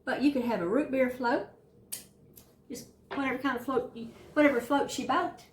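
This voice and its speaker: A woman's voice: high voice, fairly even intonation, normal speed, reverberant. A woman with a Southern US accent hosting a casual home cooking show, chatting in a folksy, encouraging way from her kitchen. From Southern United States. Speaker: cooking channel host.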